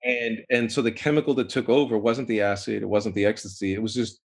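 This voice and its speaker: A man, a podcast guest, telling a long personal story in a rambling, animated way, full of fillers and restarts. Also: lowish voice, fast talker, husky. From United States. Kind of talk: casual storytelling interview.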